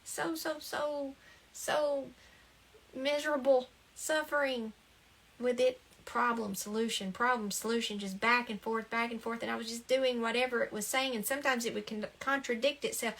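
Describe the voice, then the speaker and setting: A woman's voice: fairly high pitch, fairly even intonation, normal speed, fairly bright tone. A woman giving an earnest, encouraging spoken talk about the ego, often repeating her phrases and laughing lightly. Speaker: spiritual talk host. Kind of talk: casual spoken talk on self-help.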